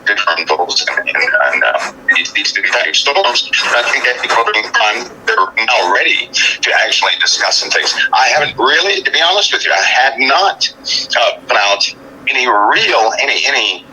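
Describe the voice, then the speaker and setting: A man speaking as a guest over a cell phone in a call-in interview. He talks in a halting, grave way, with many restarts and repeated words. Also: medium pitch, very animated, pushed and bright, faint music behind, low-quality recording.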